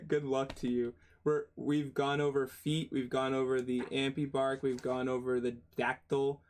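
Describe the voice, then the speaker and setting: A man hosting his channel, reading a textbook aloud in a casual way, spelling out words, tripping over terms and dropping sarcastic, swearing asides. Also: mid-range voice.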